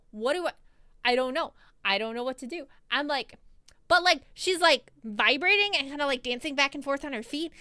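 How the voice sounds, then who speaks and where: Young woman streamer, high sparkly voice, super dry close mic, rambly storytime w lots of giggles. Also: clear, resonant tone, dry recording. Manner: animated, rambling, laughs often. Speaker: vtuber streamer. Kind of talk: casual storytelling recap.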